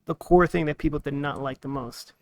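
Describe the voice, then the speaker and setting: A man hosting a casual podcast chat, laying out his opinions in a measured way. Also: on the high side, fairly even intonation. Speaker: podcast host.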